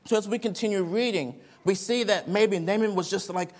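A young man preaches to children in a lively storytelling manner, with a voice a bit higher than most men. He reads scripture and stops to put questions to the kids. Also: brisk. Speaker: children's Bible teacher. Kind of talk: children's sermon.

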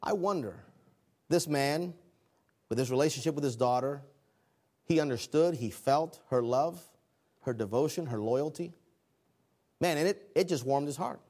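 A man preaching a sermon, swinging between loud exclamations and hushed, quiet lines. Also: fairly high pitch, normal speed, pauses often. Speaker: pastor.

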